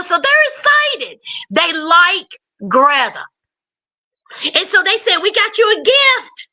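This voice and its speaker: A woman recaps a reality show in a casual, sassy way. Her very high voice is bright and sharp, and she talks slowly, drawing out her words. She scolds the people on screen as if they could hear her. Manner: sassy, animated, addresses people on screen directly.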